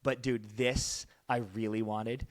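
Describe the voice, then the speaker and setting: An excitable man co-hosting a casual podcast, who calls his friend dude and drops his voice low and soft whenever he quotes a character. He speaks at an average pitch, and the sound is dry and close-miked. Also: slow pace, no echo. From Canada. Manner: excitable, quotes dialogue in lowered voice, says dude. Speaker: podcast co-host. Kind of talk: casual chat.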